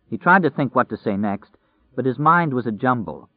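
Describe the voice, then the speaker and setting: A man reads an audiobook with steady, measured narration. His voice sits in a mid range. The recording is dry and thin, like a phone line. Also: mid-range voice, dry recording. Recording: dry, tinny phone-like sound.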